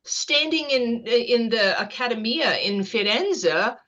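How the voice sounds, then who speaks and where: A woman's voice: fairly high pitch, slow pace, highs cut off. A woman guest on an interview show, vividly recounting a personal experience in a conversational storytelling manner. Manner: vivid, animated anecdote-telling with light laughter. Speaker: guest author.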